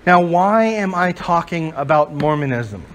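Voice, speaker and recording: A man's voice: fairly high pitch, lively intonation, unhurried, fairly bright tone, a little hiss or hum. A male pastor preaching a sermon to a congregation in church, emphatic and full of rhetorical questions.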